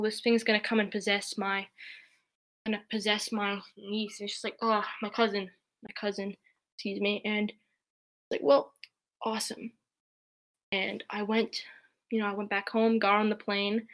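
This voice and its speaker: A woman's voice: medium pitch, fairly bright tone. A woman telling a personal story in a casual, chatty way, with many fillers. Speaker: podcast guest.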